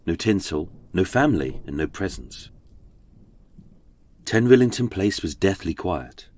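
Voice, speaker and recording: A man's voice: sits low, a little mellow, husky, no echo. A man with a British accent, narrating a true-crime podcast in a dramatic, darkly wry storytelling manner. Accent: British English.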